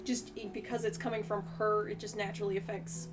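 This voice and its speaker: A woman's voice: mid-range voice, little pitch movement, fast talker, over music. A woman playing a tabletop game, explaining her character in a rambling way full of "like". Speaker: player. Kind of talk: casual tabletop chat.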